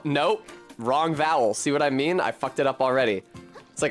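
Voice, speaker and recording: A man's voice: mid-range voice, normal speed. Wry, profane man streaming a game. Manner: wry, profane, chatty with viewers. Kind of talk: casual gameplay commentary. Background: game music.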